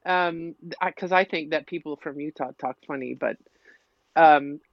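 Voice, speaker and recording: A woman's voice: deep voice, measured pace, no room sound. A middle-aged woman with a Minnesota accent tells her story as a podcast guest, chatty and meandering. The recording is dry and a little dull. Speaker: podcast guest, local piper. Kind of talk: casual interview chat. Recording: slightly muffled, dull audio.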